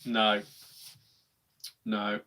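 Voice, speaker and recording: A young man streaming a live football watch-along, chatting casually with viewers and erupting into shouts when his team attacks. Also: on the low side, completely flat delivery, very slow. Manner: chatty, swings to loud shouting at goals.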